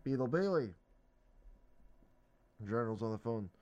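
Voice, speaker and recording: A man's voice: mid-range voice, animated, unhurried, darkish tone, clean tone, muffled recording. A man reading the day's newspaper comics aloud on a radio reading service, describing each panel in an upbeat, chatty way. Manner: upbeat, explains the panels between quotes.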